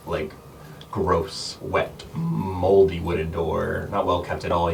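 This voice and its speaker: A man's voice: sits low, creaky, a little hiss or hum. A man narrating a tabletop game as game master, describing scenes with many fillers. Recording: distant mic with music behind.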